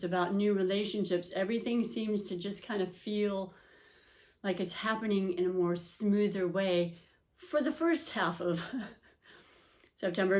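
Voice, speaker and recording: Lady doing her astrology reading for viewers, lowish voice, chatty and upbeat, lots of "you know". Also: a little mellow. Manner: chatty and upbeat, frequent fillers and restarts. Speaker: astrology and tarot reader. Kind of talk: casual spoken reading to camera.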